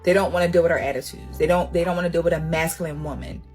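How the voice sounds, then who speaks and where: A woman's voice: fairly low pitch, fairly even intonation, rapid-fire, darkish tone, faint music behind. Emphatic preachy woman. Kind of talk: social media monologue.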